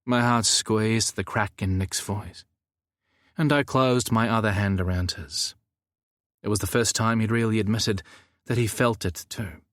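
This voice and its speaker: A man narrating a novel in the first person, with an expressive, wry delivery. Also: fairly low pitch, a little slow, no echo, clean studio sound. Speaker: audiobook narrator.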